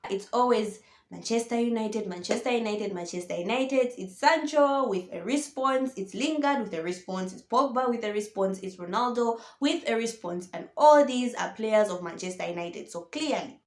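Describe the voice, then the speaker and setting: A woman ranting about football in a casual vlog, animated and exasperated, firing off rhetorical questions. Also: medium pitch, roomy sound. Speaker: football vlogger. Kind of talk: opinionated casual monologue.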